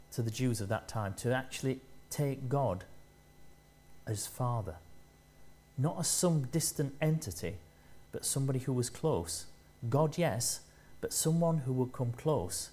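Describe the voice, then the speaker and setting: A male preacher delivers a sermon at a medium pitch. He speaks in short, measured phrases. He leans harder on the lines he wants to land. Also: warm tone.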